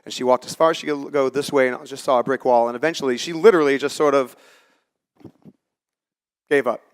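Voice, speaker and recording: A man in his forties speaks briskly in a steady, medium-pitched tone. He's on a conference stage in front of a live audience, giving a conversational talk full of stories and acting out quoted lines.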